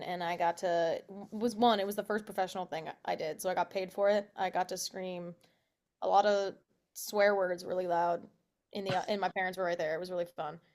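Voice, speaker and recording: A young woman talks freely as an interview guest, her voice sitting at an ordinary middle pitch for a woman. She laughs often, drops filler words and lets a swear slip now and then. The delivery is relaxed, unscripted chat. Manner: chatty, laughs often, swears, says "like" a lot. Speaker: actress guest.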